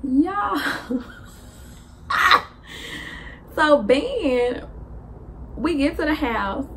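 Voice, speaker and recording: Young Southern woman vlogger, animated storyteller who jumps into high voices for dialogue, faint hiss behind her. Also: drawn-out words. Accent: Southern US (Memphis). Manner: lively, laughing, acts out dialogue with big pitch jumps.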